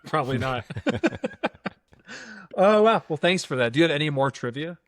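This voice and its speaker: A man's voice: fairly high pitch, animated, normal speed, no echo. A man co-hosting a casual film podcast, easygoing, with short reactions and frequent laughter. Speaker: podcast co-host.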